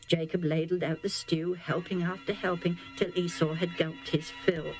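A woman narrating a bible story in an animated storytelling voice. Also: lowish voice, moderate pace, hardly any pauses, music in the background.

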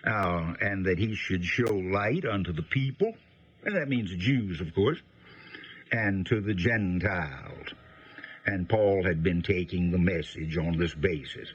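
A man teaching the Bible on the radio in a folksy, unhurried way, explaining with frequent pauses. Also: low voice, husky. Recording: dull lo-fi radio broadcast.

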